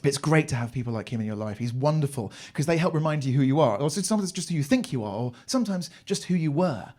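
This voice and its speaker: A man's voice: fairly high pitch, animated, fast, warm tone. A young English man performing a live stand-up routine on a comedy club stage, telling rambling stories with crude swearing.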